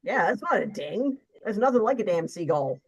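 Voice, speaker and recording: A woman's voice: mid-range voice, sing-song, moderate pace, husky, dull audio. A woman co-hosting a casual live chat, rambling and wry. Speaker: co-host.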